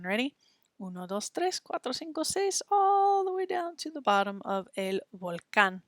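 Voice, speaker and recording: A woman teaching young children, patient and encouraging. She speaks slowly and carefully, at a middle pitch. The recording is dry and close, with no room sound. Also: fairly bright tone, no echo. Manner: patient, encouraging, slow and clear. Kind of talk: children's language lesson.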